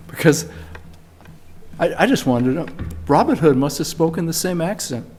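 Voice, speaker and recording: An older man preaching a sermon in a church, talking in a relaxed storytelling way and rising emphatically on key words. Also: a little high, measured pace, faint music behind. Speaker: pastor. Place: church sanctuary.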